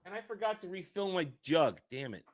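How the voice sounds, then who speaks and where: A man hosting a commentary show, ranting angrily and swearing, sometimes shouting. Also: sits high, sing-song, a little fast. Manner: angry, profane, shouting rants. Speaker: show host.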